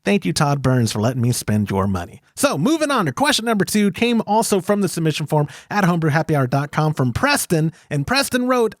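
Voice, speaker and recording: A man's voice: on the high side, very animated, fairly quick, few pauses, no room sound, clean studio sound. An American man co-hosting a podcast in a casual, rambling and joking way. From United States. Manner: rambling, self-deprecating, joking. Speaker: podcast co-host.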